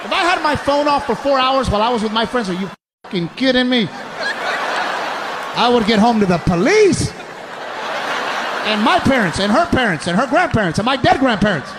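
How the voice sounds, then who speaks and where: A man doing a stand-up routine, ranting loudly in an exasperated way. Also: very high voice, big pitch swings, normal speed, long pauses, background noise. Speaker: stand-up comedian. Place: comedy club stage.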